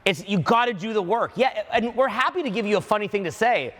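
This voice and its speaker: An energetic man, a fellow coach, joking as he chimes in on the talk. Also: sits high, a little fast, long reverb tail.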